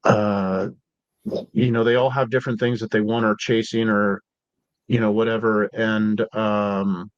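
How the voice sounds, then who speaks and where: A man's voice: on the low side, flat delivery, unhurried, no room sound, muffled recording. A man guest on a podcast, telling rambling stories in a casual, profane way, full of "like" and "dude". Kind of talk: casual storytelling.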